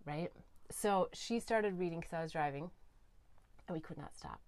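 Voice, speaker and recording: A woman hosting a talk show, telling a story to her guest with eager energy and sometimes sinking to a soft hush for heartfelt points. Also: on the low side, normal speed, no room sound. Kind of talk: animated interview storytelling. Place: recording studio.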